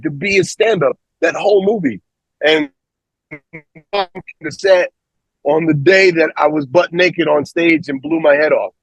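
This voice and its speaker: A comedian chatting with an old friend as a guest, talking in an emphatic, affectionate way with punchy repetition. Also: male voice, on the high side, unhurried, vocal fry, no echo, rough recording. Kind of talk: casual chat between old friends.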